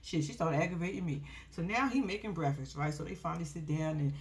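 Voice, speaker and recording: A woman recapping a show in casual chat. She is profane and animated and keeps turning to talk straight to her viewers. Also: low-pitched, quick pace.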